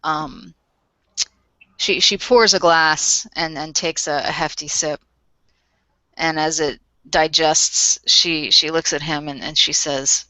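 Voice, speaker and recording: Slow, low-voiced woman narrating her character. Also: fairly even intonation, sharp tone, dry recording, low-quality recording. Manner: hesitant, full of ums and restarts. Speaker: tabletop role-playing player. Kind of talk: in-character narration of a tabletop game.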